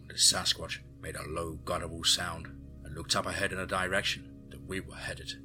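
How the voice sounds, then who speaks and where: A man narrating a first-person adventure story in a steady storytelling manner. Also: low voice, normal speed, faint music behind.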